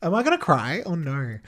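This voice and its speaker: A man's voice: on the high side, fairly bright tone. A man hosting a podcast, giving casual, chatty commentary on a TV episode and laughing often. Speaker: podcast host.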